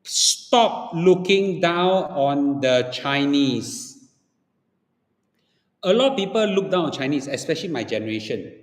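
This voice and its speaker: A man's voice: on the high side, lively intonation, unhurried. A man with a Singaporean accent giving an opinionated livestream talk, blunt and lecturing, often checking in with "okay?" and "ah". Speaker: livestream host. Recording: echoey room with long reverb.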